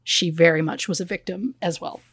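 A woman's voice: on the low side, fairly even intonation, fairly quick, gravelly, husky, dry recording, clean studio sound. A woman co-hosting a podcast, telling a true crime story in a blunt, conversational way with small fillers. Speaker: podcast co-host.

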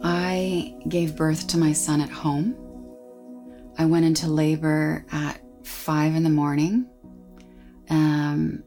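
A woman's voice: low voice, darkish tone. A woman guest on a podcast telling a personal story in a plain, matter-of-fact way.

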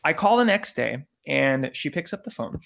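Male podcast guest, casual storyteller, animated and profane, slightly higher register. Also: normal speed, gravelly, a little hiss or hum. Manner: animated, profane anecdote-telling.

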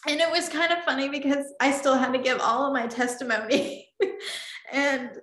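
A woman with a slightly high voice tells a personal story in an interview. She speaks earnestly and lets her emotion show. The recording has a roomy echo. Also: steady tone, moderate pace, fairly bright tone. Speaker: interview guest.

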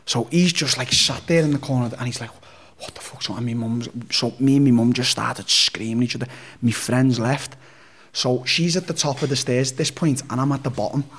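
Speaking fairly quickly, this medium-pitched man has a fairly bright tone with a breathy edge. He's from Liverpool, England, and as an interview guest he rambles through a personal story, blunt and full of swearing, in a casual storytelling style.

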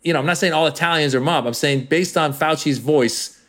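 A man's voice: on the high side, a little fast. A man in his fifties from Iran, a comedian guest on a podcast, telling stories animatedly and slipping into voices. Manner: animated storyteller, jumps into voices. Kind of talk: podcast interview.

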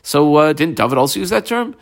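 A man's voice: on the high side, very animated, fairly quick. A man teaching a Talmud lesson. He reads phrases aloud, then explains them in loose, conversational English with frequent "uh" and "um.". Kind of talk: casual Talmud study lesson.

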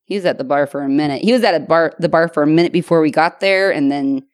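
A woman's voice: low-pitched, fast, no echo, studio quality. A woman in her thirties co-hosting a podcast, telling a bar story in casual chat, with plenty of "like" and some swearing. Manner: animated storytelling, lots of "like" and swearing. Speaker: podcast co-host.

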